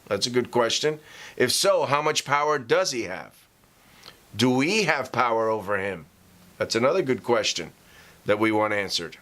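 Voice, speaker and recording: A man preaching a casual vlog sermon as a pastor. He talks conversationally with fillers and reads scripture slowly for emphasis. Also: medium pitch, a bit bright.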